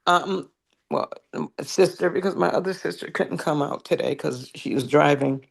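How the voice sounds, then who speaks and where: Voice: mid-range voice, moderate pace, creaky. A transit union member giving emotional, impassioned testimony at a public hearing, near tears. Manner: impassioned, pleading.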